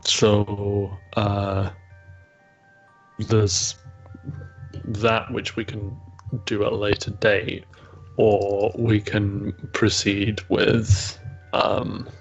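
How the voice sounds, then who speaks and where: A man's voice: lowish voice, flat delivery, extremely slow, vocal fry, long pauses, highs cut off, soft background music. A man narrating as game master of a tabletop role-play, hesitant and full of fillers. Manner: hesitant, many fillers and restarts.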